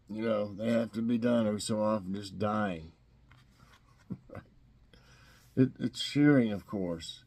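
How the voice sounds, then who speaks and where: A middle-aged man with a Southern US accent hosts a casual trivia break, taking his time over every word. He laughs at his own jokes and pokes fun at the wrong answers. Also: mid-range voice. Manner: joking, chuckling, acts out silly answers. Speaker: host.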